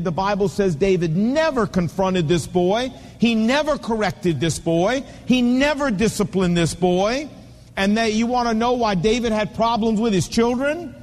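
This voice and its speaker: A man's voice: high-pitched, normal speed. A man in his fifties preaching a sermon, telling stories and hammering home points with repeated punchy phrases. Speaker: pastor. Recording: long reverb of a large hall.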